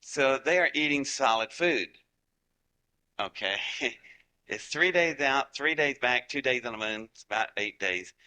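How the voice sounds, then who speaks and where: Southern US man, live-audience speaker; sharp bright tone, mid pitch, chatty folksy storytelling with jokes. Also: lively intonation, a little slow. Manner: chatty, joking asides to the crowd.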